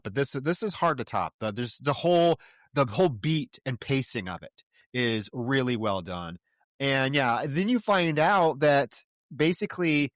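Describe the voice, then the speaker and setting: A man's voice: mid-range voice, no room sound, studio quality. Reflective man recapping a film plot. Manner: measured, reflective, gathers his thoughts aloud. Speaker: podcast co-host. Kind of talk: casual film discussion.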